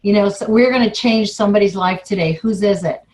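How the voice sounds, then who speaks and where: A woman's voice: mid-range voice, brisk, a little mellow, poor audio. Gushing woman hosting a group call. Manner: gushing and effusive. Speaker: call host. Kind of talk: emotional thanks on a group call. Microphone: phone or computer on a conference call.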